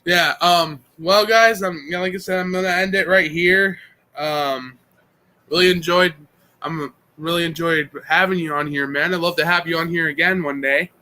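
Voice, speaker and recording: A man's voice: a little high, steady tone, moderate pace, pushed and bright. A young man hosting a podcast in laid-back, slangy casual chat, laughing often. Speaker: podcast host.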